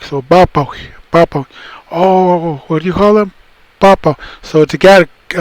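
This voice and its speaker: A middle-aged man from the Tohono O'odham Nation explains words in a recorded cultural talk. His voice sits a little high for a man and sounds close and dry, with no room around it. He rambles easily, repeating himself and restarting his sentences. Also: no room sound, low-quality recording. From Tohono O'odham Nation, southern Arizona. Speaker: cultural presenter.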